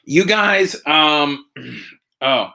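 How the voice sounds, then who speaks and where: A man hosting a casual live stream from home, rambling and excitable as he chats and drinks. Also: a little high, very slow. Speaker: host. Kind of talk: casual livestream chat.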